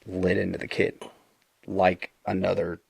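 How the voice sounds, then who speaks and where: Middle-aged man, husky low voice, earnest storyteller, dry close mic. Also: flat delivery, unhurried, dry recording. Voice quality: low gravelly voice. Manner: earnest, retelling dialogue with frequent restarts. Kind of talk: casual storytelling.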